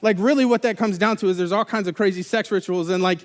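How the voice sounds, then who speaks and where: Young male pastor, a touch high-pitched, casual rambling sermon delivery, live in a reverberant church hall. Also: steady tone, fast talker. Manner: casual, rambling with many restarts and fillers. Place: church sanctuary.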